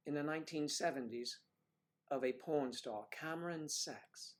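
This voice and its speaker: A man's voice: on the high side, measured pace. Chatty, teasing man hosting a livestream. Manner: chatty, teasing, jokey asides. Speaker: livestream host. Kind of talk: casual chat reading viewer comments.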